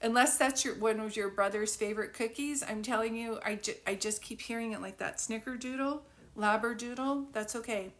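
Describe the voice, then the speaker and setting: A woman's voice: a little high, brisk. Rambling, giggly woman psychic. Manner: giggly, rambling, thinking aloud. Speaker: psychic medium. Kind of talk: live reading, casual chat.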